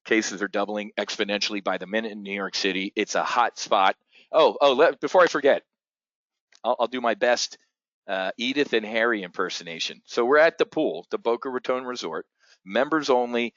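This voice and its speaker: A man's voice: lowish voice, expressive, normal speed, fairly bright tone, no room sound, highs cut off. A man hosting a casual live market briefing for options traders, blunt, profane and rambling. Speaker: options trading host.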